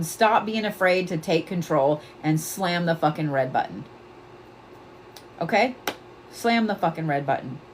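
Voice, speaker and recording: A woman's voice: lowish voice, slight background noise. A woman hosting a psychic reading livestream, blunt and profane, laughing often and repeating her points with force. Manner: emphatic, repeats commands to the viewer. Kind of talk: casual livestream chat.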